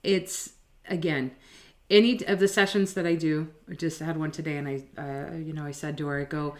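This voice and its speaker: A woman co-hosting a casual spiritual chat at home, animated and quick to laugh, who works as a channeler. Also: low-pitched. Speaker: channeler and co-host. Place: home table.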